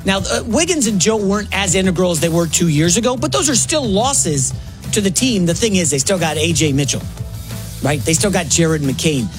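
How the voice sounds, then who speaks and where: A man in his forties filling in as host of a sports radio show, talking fast and excitedly with quick asides and self-corrections. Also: high voice, music in the background. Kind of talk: energetic sports talk.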